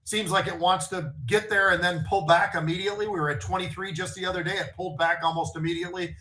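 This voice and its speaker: A middle-aged man co-hosting a casual market show, with relaxed, folksy and rambling explanations. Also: sits high, fast talker. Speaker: show co-host. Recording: roomy echo.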